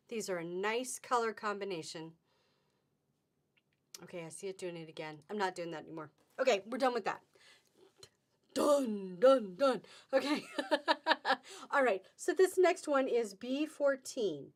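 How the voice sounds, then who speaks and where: A middle-aged woman hosting a live fabric sale on webcam, chatty and upbeat with sing-song exclamations. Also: on the high side. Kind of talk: live-stream selling chat.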